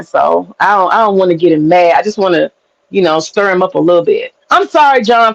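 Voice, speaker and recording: A woman's voice: medium pitch, creaky, dry recording, muffled recording. A woman guest chatting casually on a livestream, brash, teasing and profane. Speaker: stream guest.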